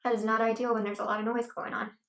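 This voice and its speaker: A woman's voice: on the high side, little pitch movement, fast, gravelly. A woman vlogging at home as she eats, chatting casually and rambling between murmurs of enjoyment. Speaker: mukbang vlogger. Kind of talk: casual eating chat. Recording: echoey room with faint noise.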